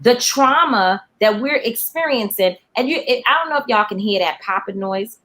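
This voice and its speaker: A woman's voice: fairly high pitch, lively intonation, normal speed, fairly bright tone. A woman in her forties, a panel guest, talking earnestly and searching for her words as she restarts sentences. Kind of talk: panel discussion.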